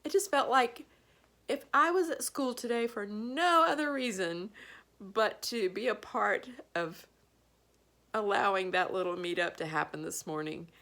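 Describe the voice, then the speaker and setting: Her voice is mid-range and fairly bright, and she speaks at a measured pace: a middle-aged vlogger telling an emotional school story, alternately laughing and tearing up. When quoting others, she acts out their voices, all in a casual vlog setting.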